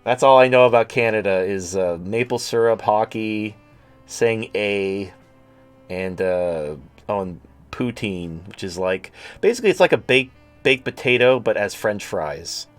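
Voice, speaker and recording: A man's voice: fairly low pitch, expressive, moderate pace, soft background music. Crude, rambling man hosting a stream. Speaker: host. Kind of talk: casual livestream talk.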